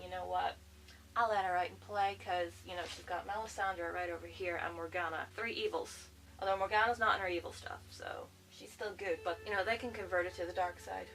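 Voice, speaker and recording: A woman's voice: medium pitch, moderate pace, creaky, a bit bright, recorded from a distance, soft background music, rough recording. A woman chatting enthusiastically in a casual movie review vlog, full of fillers like "like.". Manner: gushing, chatty, lots of "like".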